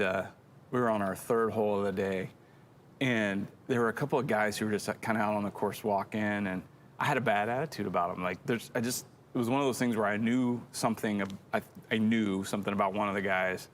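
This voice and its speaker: A man's voice: lowish voice, a little hiss or hum. A middle-aged man co-hosting a church show, telling a rambling, self-deprecating story in casual chat.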